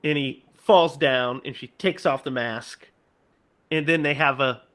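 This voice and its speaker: A man's voice: medium pitch, unhurried, a bit bright. A man casually retelling a horror movie's ending, laughing and quoting its lines in exaggerated voices. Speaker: podcast co-host.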